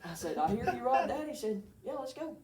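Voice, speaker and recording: A teenage boy giving a halting, shy testimony in church, laughing between phrases. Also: extremely high pitch, sing-song, a little mellow. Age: teens. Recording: echoey church, distant mic, background noise.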